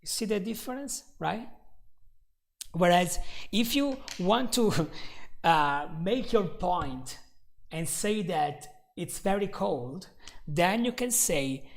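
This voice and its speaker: A man's voice: high voice, expressive, takes it slowly, vocal fry. A man teaching a live online English lesson, patiently repeating example sentences, joking lightly and talking to viewers in the comments.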